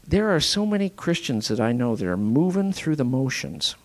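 Animated preacher man, expressive delivery. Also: medium pitch, moderate pace. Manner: dramatic, swinging from forceful emphasis to hushed whispers; repetitive, rhetorical questions to the congregation. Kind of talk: sermon.

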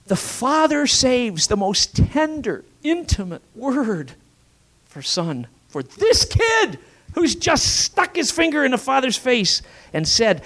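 Animated preacher man, expressive delivery. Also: very high-pitched, takes it slowly. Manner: dramatic, swinging from forceful emphasis to hushed whispers; repetitive, rhetorical questions to the congregation. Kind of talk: sermon.

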